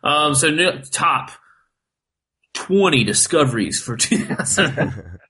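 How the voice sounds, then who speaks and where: A man's voice: a little high, animated, slow pace, bright, forceful tone, breathy edge, rough recording. A man co-hosting a podcast in loose casual chat, swearing a lot and filling his talk with "like". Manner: loose, heavy swearing and filler "like". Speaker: podcast co-host.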